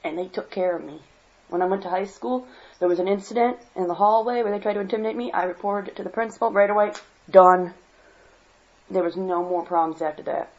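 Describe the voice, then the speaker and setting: A woman's voice: medium pitch, a little fast. A woman from Michigan giving a worked-up personal monologue as a vlogger, blunt and swearing freely. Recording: dull lo-fi home recording.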